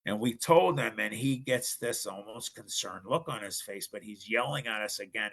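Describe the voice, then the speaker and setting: A man's voice: fairly low pitch, normal speed, few pauses, a bit bright, breathy edge. A middle-aged man from Ohio, a podcast guest, telling his story animatedly and acting out other people's voices. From Ohio, United States. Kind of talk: casual storytelling.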